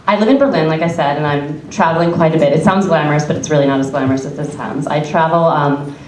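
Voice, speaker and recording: A stand-up comedian, a young adult woman, tells a chatty story on a comedy club stage and laughs through her lines. Her voice sits low and she speaks fast. Heard from far off in an echoey club, the recording has the crowd and slight background noise.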